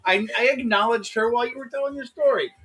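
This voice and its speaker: A man's voice: very high-pitched, quick pace, pushed and bright. A man hosting a casual chat, rambling and poking fun at himself. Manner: rambling, self-deprecating. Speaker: host.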